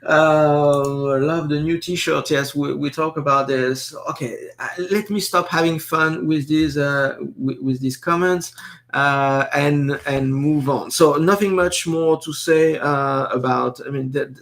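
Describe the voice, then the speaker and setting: A man's voice: fairly high pitch, steady tone, slow pace, fairly bright tone. A man with a French accent hosting a casual live stream, talking with many fillers and restarts while reading viewer comments.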